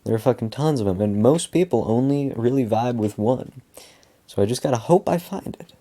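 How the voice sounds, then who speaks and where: A man's voice: mid-range voice, animated, normal speed, dark tone. A young man venting in a casual monologue, rambling, repeating himself and swearing a lot. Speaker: vlogger.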